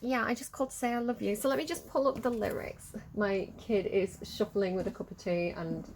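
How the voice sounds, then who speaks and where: A woman's voice: mid-range voice, steady tone, brisk, noisy background. A woman giving a casual tarot reading in a chatty, rambling way, often hesitating with fillers. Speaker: tarot reader.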